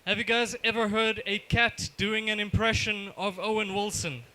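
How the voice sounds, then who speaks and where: A man from Johannesburg with a South African accent doing a deadpan, self-deprecating stand-up set in a bar. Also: high-pitched, normal speed, rough recording. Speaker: stand-up comedian. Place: comedy bar stage.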